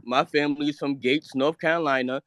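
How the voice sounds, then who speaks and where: A man's voice: fairly high pitch, fairly even intonation, fairly quick, a bit bright, dry recording. A man from New York calling in to a live debate, who defends himself, stammers and fires back questions. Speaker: caller. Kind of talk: heated argument.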